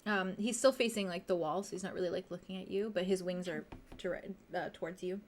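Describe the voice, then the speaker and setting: A woman's voice: fairly low pitch, fairly even intonation, fairly quick, slight background noise. Chatty woman game master. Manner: chatty, laughs often, loose filler-heavy narration. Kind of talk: casual narration of a tabletop game.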